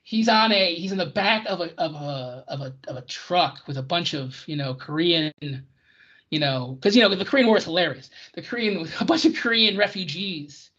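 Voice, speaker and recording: A podcast co-host in casual chat about old television, ranting in an excitable way. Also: medium pitch, normal speed. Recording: dull lo-fi recording.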